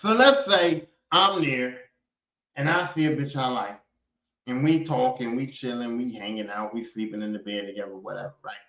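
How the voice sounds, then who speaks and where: A man hosting a podcast, ranting casually and profanely in an animated way, and slipping into other voices to act out people he quotes. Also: mid-range voice, moderate pace. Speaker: podcast host. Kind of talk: casual comedic rant. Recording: echoey room, dull lo-fi sound.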